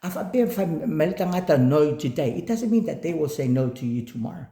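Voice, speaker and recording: A man telling a lively motivational story about not giving up, switching between English and another language and acting out what others said. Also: on the high side, fairly quick, reverberant. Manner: animated, switches between English and Samoan, acts out quotes.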